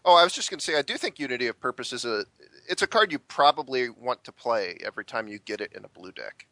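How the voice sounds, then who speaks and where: A man who is a guest on a podcast, talking in a measured way with hesitant restarts. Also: mid-range voice, lively intonation, sharp tone, dry recording. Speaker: podcast guest, professional card player. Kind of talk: casual interview chat.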